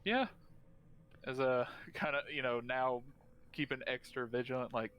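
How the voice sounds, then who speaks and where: A man's voice: medium pitch, fairly even intonation, measured pace, pauses often, smooth, muffled recording. A man playing a tabletop game, talking casually and rambling with many fillers. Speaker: player.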